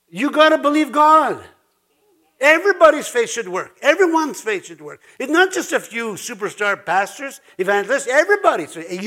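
Male pastor, informal sermon; high, bright voice, chatty, laughs often, restarts mid-sentence.

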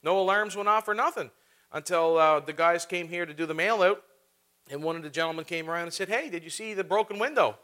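High, bright-voiced male preacher. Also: fast talker. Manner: storytelling, laughs often, lively. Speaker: pastor. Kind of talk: sermon.

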